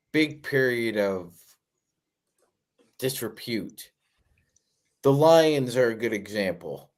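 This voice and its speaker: A man co-hosting a sports fan show, explaining his point in a measured way. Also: mid-range voice. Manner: measured, explanatory, profane when heated. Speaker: podcast co-host. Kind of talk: sports talk commentary.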